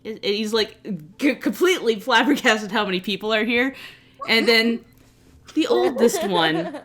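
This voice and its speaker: A woman's voice: fairly high pitch, lively intonation, unhurried, a bit bright. A woman as dungeon master, narrating a tabletop game in an easygoing way with frequent laughs.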